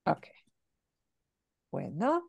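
A woman teaching a language class, explaining phrases patiently and modeling them slowly. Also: a little mellow, no echo. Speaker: Spanish teacher.

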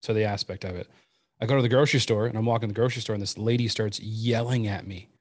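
A man from the United States, a guest chef, telling a story in a lively casual way and repeating words as he goes. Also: lowish voice, fast, dry recording.

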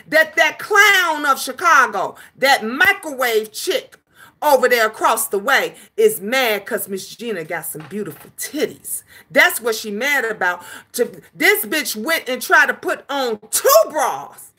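A woman chats with viewers on her own livestream, her voice high and bright. She is emphatic and animated and repeats herself for effect. She curses freely when she scolds trolls. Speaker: livestream host. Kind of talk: casual livestream chat, answering viewers.

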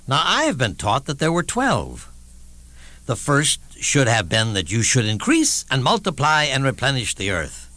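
An actor plays a wry, elderly statesman spinning anecdotes on stage. The voice is bright and lively, swinging through a wide range of pitch as he chuckles through his tales. The sound is close and dry. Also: no room sound. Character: elderly male statesman, witty, wry raconteur. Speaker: stage actor in a one-man show. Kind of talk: theatrical storytelling monologue.

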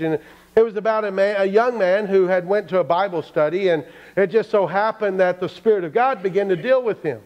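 High-voiced preacher telling a story. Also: male voice. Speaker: pastor. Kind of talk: sermon. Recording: dull lo-fi church stream.

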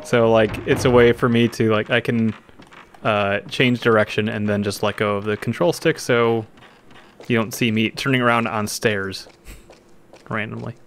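A man playing a game on stream, chatting in an animated, playful way. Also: on the low side, normal speed, slight background noise. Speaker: player on stream. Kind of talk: casual gaming chat.

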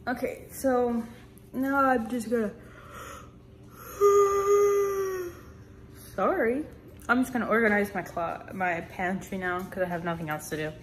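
A woman's voice: medium pitch, fairly even intonation, a little fast, a bit bright, slight background noise. A woman chatting casually to a phone camera at home in a rambling vlog, with lots of fillers. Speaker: vlogger.

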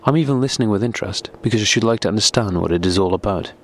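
A man putting on a young society wife who brushes things off with airy, cool mockery, her voice lifting a little above a low narrator's register, read like a storybook. the delivery stays light and teasing. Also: rapid-fire. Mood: mocking.

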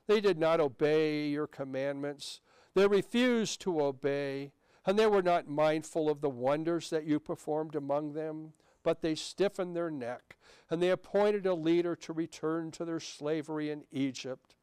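A man's voice: on the high side, measured pace, darkish tone, smooth, dry recording. A middle-aged male pastor giving a sermon in a conversational way, telling a personal story and reading scripture.

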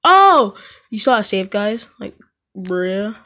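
Slow-talking young woman, slangy gamer chat. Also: medium pitch. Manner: slangy, says "bruh" often, sudden excited yelps. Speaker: gaming YouTuber. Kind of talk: casual gameplay commentary. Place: home.

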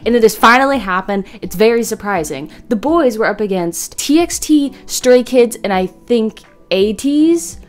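A young woman talking casually to her viewers as an art vlogger, in a playful, goofy, rambling way. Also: a little high. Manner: playful, goofy, rambling fan chatter with jokey voices. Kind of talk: casual chat to camera.

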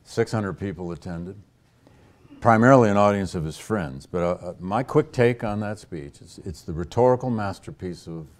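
A man with a very low voice takes audience questions in a lecture hall. He speaks as a historian, thinking aloud and pausing on his words, with frequent false starts as he works through his answers. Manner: thoughtful, with frequent hesitations and restarts.

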